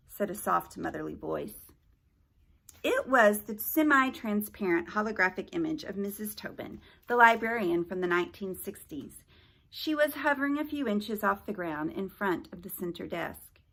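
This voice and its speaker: A woman reads a children's novel aloud as a library storyteller, pausing for chatty asides to her young listeners. Her voice is bright and lively, a little high, with a gravelly edge. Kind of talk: reading a novel aloud with chat.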